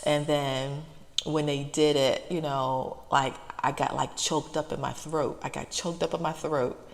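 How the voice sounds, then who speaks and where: A woman with a deep, gravelly voice talks in a halting, soft-spoken ramble from her parked car. She is close to tears and repeats herself often, with a long reverb trailing behind her. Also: steady tone. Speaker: ASMR channel host.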